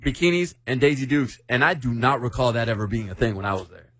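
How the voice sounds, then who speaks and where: A man's voice: mid-range voice, fairly bright tone, dry recording. A middle-aged man hosting a show, telling stories and steering the segment in casual banter. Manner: leads the segment, quick storytelling. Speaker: radio show host.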